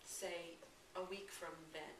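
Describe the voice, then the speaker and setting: A woman spiritual teacher telling a parable as a lesson, asking her listeners gentle questions and sometimes dropping to a hush. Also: lowish voice, steady tone, slow. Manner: gentle, questioning, at times hushed. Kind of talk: storytelling lesson. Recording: echoey room, distant mic, noisy.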